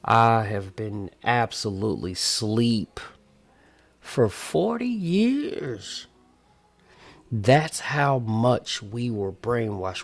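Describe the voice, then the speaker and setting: A man's voice: mid-range voice, very animated, extremely slow, vocal fry, no room sound. A man in his forties talking casually to camera in an emphatic, repetitive, preachy way. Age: 40s. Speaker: vlogger.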